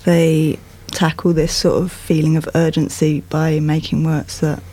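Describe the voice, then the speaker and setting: A woman artist talking about her own work in a casual discussion, reflective and hesitant, with many pauses. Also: sits low, level tone, dark tone, no echo. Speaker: artist guest.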